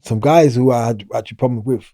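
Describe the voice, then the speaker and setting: A man's voice: mid-range voice, quick pace, warm tone, dry recording, clean studio sound. A middle-aged man, talking casually as an interview guest, rambling and restarting his sentences. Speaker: guest, former prisoner.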